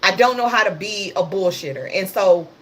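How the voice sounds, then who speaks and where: A woman's voice: medium pitch, moderate pace, fairly bright tone. A woman hosting a casual livestream, talking about the news in a passionate, sarcastic and blunt way. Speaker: livestream host.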